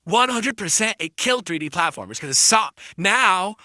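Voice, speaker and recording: A man's voice: sits high, big pitch swings, normal speed, sharp tone, dry recording, studio quality. A man streaming live, ranting defensively at his critics and insulting them.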